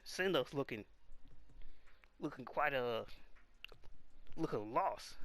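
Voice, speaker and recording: A man's voice: on the high side, moderate pace, pushed and bright, faint music behind. A man casually narrating a boxing anime as he watches, stammering and restarting as he reads along. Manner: stammering, restarting, reading subtitles aloud. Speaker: video host reacting to a boxing anime.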